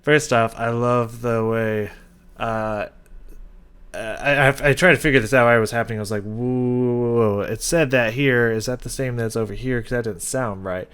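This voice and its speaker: Excitable rambling man reacting to music. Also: medium pitch, normal speed, clear, resonant tone. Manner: excitable, rambling, many "like"s and restarts. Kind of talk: casual reaction and song analysis.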